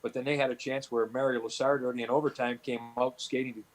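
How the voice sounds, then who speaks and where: A man's voice: mid-range voice, level tone, fast talker, low-quality recording. A middle-aged man from Canada, a former hockey player, tells long stories in an interview, full of "you know" fillers and restarts. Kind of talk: storytelling interview answers.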